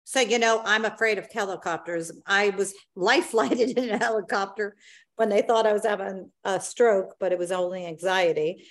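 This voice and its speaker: A woman's voice: medium pitch, moderate pace. A woman co-hosting a casual podcast, rambling through a personal anecdote. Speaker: podcast co-host. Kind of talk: casual chat.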